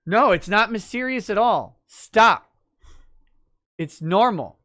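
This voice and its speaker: A man's voice: high-pitched, animated, takes it slowly, fairly bright tone, dry recording. A male podcast host chats casually and jokes while reading chat messages aloud. His delivery is loose and irreverent. The sound is dry and close. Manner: joking, irreverent.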